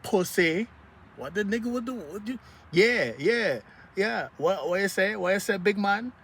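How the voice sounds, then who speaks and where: Guy putting on a cocky rapper voice way up high, trash talking, sounds kinda distant. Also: animated, unhurried, fairly bright tone, breathy edge, heavily acted. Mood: taunting. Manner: taunting, swaggering. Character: mocking impression of a male rapper.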